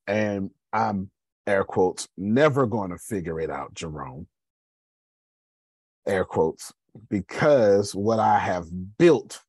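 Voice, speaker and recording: A man's voice: sits low, darkish tone, no echo. A man, talking casually to his listeners about his business, calling them y'all. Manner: conversational, addresses listeners as y'all. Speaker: host. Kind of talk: motivational business talk.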